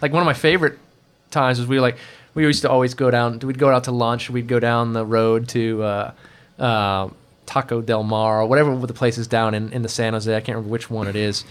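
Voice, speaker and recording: A man in the middle of a casual chat, spinning loose, winding anecdotes. His delivery is animated, with lots of fillers and restarts, and he breaks into quick voices when he quotes people. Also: medium pitch, clean tone. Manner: rambling, animated storyteller who acts out quoted people. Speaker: podcast guest telling stories.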